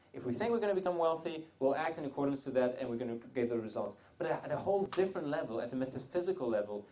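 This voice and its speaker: A man leads a live seminar for a room of attendees, middle-pitched and rambling, often restarting his sentences and slipping in jokey asides. The recording is dull and lo-fi, without much crispness. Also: dark tone. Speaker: seminar speaker. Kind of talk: live wealth seminar talk.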